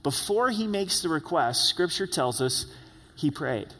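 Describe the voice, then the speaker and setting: Male pastor, earnest sermon delivery, slightly high voice, long hall reverb. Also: lively intonation, normal speed, sharp tone. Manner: earnest, acts out quoted prayers and pleas.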